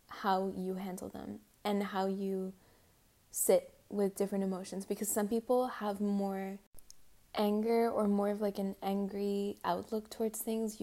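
A woman's voice: mid-range voice, mellow. A young woman, a student, giving casual advice in a chatty, rambling way full of "like", sometimes dropping into a whisper. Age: young adult. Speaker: student vlogger. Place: abroad, six hours ahead of home.

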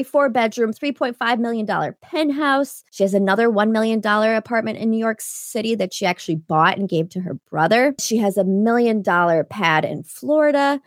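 A woman's voice: mid-range voice, no room sound, studio quality. A woman co-hosting a podcast in casual chat, recapping with wry asides. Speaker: podcast co-host.

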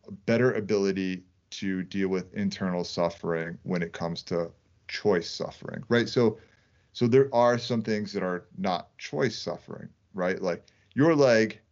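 A man co-hosting a casual podcast, working through his ideas out loud and checking in with his partner as he goes. His voice is low-pitched. The sound is muffled and lo-fi. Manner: thinks aloud, often adds "like" and "right?". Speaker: podcast co-host. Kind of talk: casual conversation.

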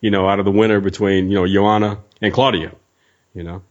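A man's voice: fairly low pitch, little pitch movement, a little fast, dull audio. A man co-hosting a podcast in casual chat, laid-back, laughing often and leaning on fillers. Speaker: podcast co-host.

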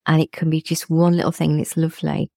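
A woman's voice: deep voice, little pitch movement, fast, gravelly, warm tone, dry recording, studio quality. A middle-aged woman, a podcast guest, talking in a reflective, casual way and often laughing as she speaks. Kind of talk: casual conversational chat.

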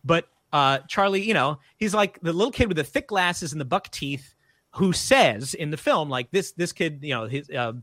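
Podcast guest: a man with a high, bright voice, full of swings and quick laughs, in a dry booth. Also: dry recording. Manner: animated, laughs often, acts out quotes. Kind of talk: casual storytelling.

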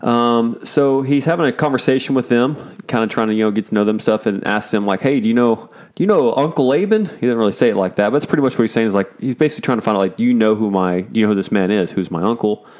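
A man's voice: lowish voice, fast, few pauses, a little mellow. A man casually teaching through a Bible chapter, joking and paraphrasing in laid-back slang.

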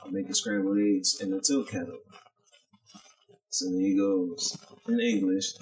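A man's voice: low-pitched, very animated, unhurried, pauses often, darkish tone, low-quality recording. A man co-hosting a podcast, telling a story in casual chat, acting out the people he quotes and swearing freely. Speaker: podcast co-host, chef.

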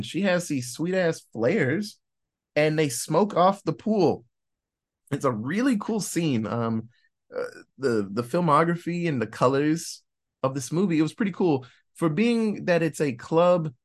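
A man hosting a film podcast, casually retelling a movie's plot and acting out the characters' lines in quick voices. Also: fairly high pitch. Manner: swears freely. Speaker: podcast host reviewing a film.

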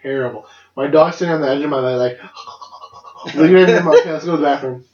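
A man's voice: on the high side, rapid-fire, a little mellow, soft background music. A young man casually telling a long personal story on a podcast, rambling, laughing often and swearing freely. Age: young adult. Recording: dull lo-fi roomy recording.

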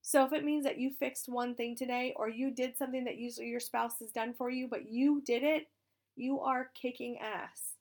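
A woman in her thirties, a military spouse with a hoarse, raspy voice, talking casually and frankly, encouraging listeners and swearing now and then. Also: on the high side, fairly even intonation, normal speed, darkish tone. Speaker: military spouse sharing advice. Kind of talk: casual direct-to-camera talk.

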